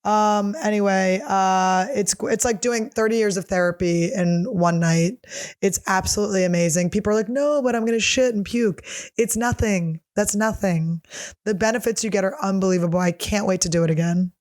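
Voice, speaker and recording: A woman in her thirties hosts her own comedy show alone, reading out fan questions and answering them off the cuff. She is blunt and profane, jokes all the way through and laughs easily. Her voice sits at an ordinary middle pitch for a woman. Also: steady tone, moderate pace, a little mellow. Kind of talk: casual solo chat, reading questions aloud.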